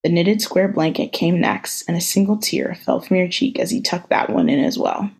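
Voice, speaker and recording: A woman co-hosting a podcast over a video call, reading a fan story aloud in an even, unhurried way. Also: lowish voice, creaky, breathy edge, poor audio. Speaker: podcast co-host.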